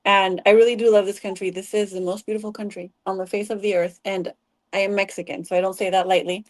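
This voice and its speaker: A woman's voice: mid-range voice, level tone, fast talker, dry recording. A woman hosting a panel discussion, talking conversationally with frequent hesitations. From United States. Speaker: panel host.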